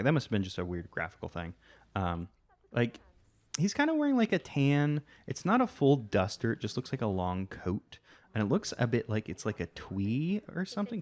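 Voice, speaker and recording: A man's voice: mid-range voice, darkish tone. A man hosting a let's play, giving casual gameplay commentary and thinking aloud in a rambling way full of fillers.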